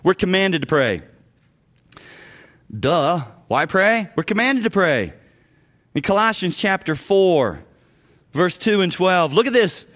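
A man with a fairly high voice preaches on counseling in an emphatic way. He swings from loud urging down to hushed, low phrases. He repeats key words for weight. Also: very animated, takes it slowly, long pauses. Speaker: pastor teaching biblical counseling. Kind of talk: preached teaching talk.

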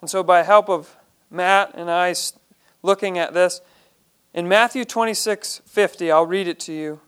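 A man's voice: high voice, steady tone, normal speed, a bit bright, clean tone. A man leading a Bible study, reading each verse aloud and then explaining it in plain, earnest terms.

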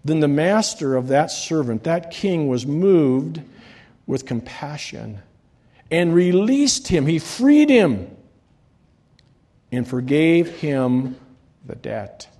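Man, pastor preaching, animated delivery, slightly high, warm tone. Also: slow, long pauses. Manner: animated preaching, swings between loud rises and quiet drops. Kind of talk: sermon.

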